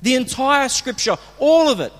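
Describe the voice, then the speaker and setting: High-voiced pastor preaching in a hall. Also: male voice, animated, normal speed. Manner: conversational, with restarts and acted coach shouts. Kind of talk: sermon. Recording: long hall reverb.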